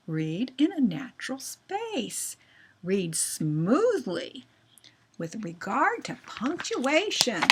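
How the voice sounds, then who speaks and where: A woman's voice: mid-range voice, vocal fry, a bit bright, a little hiss or hum. A woman teacher explaining reading fluency to children in simple words, often checking in with them. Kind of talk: classroom reading lesson for children.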